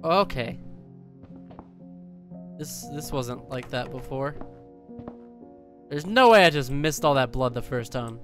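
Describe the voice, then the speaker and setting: A man's voice: mid-range voice, animated, slow, pauses often, fairly bright tone. Joking, swearing young man playing a game. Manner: profane, jokey, mock-tough. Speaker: gaming video host. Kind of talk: casual let's-play commentary. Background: faint game piano music.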